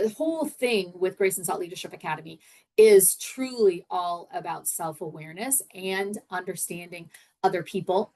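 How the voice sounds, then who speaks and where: A woman's voice: lowish voice, darkish tone. A middle-aged woman hosting a leadership podcast, coaching in a casual, conversational way and often repeating her words. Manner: conversational, repeats words, acts out example phrases.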